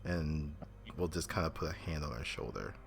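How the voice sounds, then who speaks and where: A man's voice: extremely low pitch, moderate pace, gravelly, faint music behind. A man playing a tabletop game who laughs often and describes his character's actions. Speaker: player. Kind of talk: casual tabletop play.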